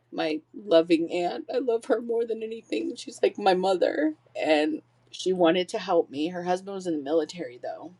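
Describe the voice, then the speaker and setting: With a low, darkish voice, a woman in her forties shares her life story as a podcast guest. She's candid, cursing freely and laughing her way through painful recollections.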